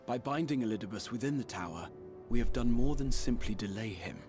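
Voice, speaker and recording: A man streaming a game reads the lines of an earnest, noble young male mage leader in a solemn, measured way. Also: medium pitch, lively intonation, close to an everyday voice. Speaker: streamer reading game dialogue aloud. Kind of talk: fan voice reading of game cutscene lines. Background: game music.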